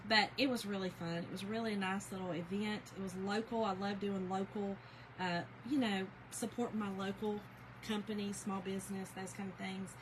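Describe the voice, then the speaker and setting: A woman from Georgia with a Southern US accent, chatting casually with viewers as a crafting livestream host, folksy and quick to laugh. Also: medium pitch, fairly even intonation, noisy background.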